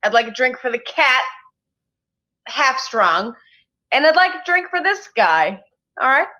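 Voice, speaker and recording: A woman playing a character in a tabletop game, brash and playful, and quick to swear. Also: high-pitched, big pitch swings, bright, forceful tone, dull audio. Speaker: player.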